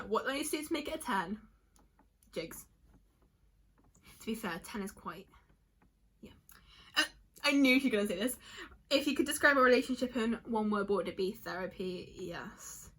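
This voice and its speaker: Reading answers from friends in a relaxed vlog, a young adult woman reacts as she goes in a slightly high, sharp voice. She's talkative and emotional, rambling with plenty of "like" and breaking off mid-sentence.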